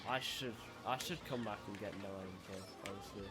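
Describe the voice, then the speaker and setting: A man's voice: on the low side, brisk, loud music behind the voice. A young man streaming and chatting casually while gaming, laid-back and rambling, often restarting his sentences.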